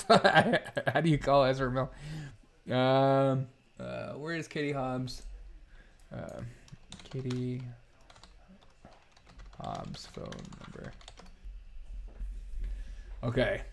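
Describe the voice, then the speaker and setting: A man's voice: mid-range voice, sing-song, extremely slow, creaky, pauses often, a little hiss or hum. A male host chatting casually while setting up a prank call, giggling and rambling. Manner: giggly, rambling, self-mocking. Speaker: show host. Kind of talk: casual comedic livestream chat.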